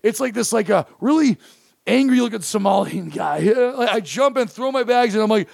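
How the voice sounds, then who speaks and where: A man, a comedian, telling a story in casual chat, animated and profane, acting out the quoted lines. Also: high-pitched, normal speed, creaky, dry recording, studio quality. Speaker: comedian guest.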